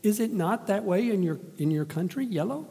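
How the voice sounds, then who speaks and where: Man doing a puzzled woman convert, earnest, high-pitched, long hall reverb. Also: normal speed, dark tone. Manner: sincere, puzzled questioning.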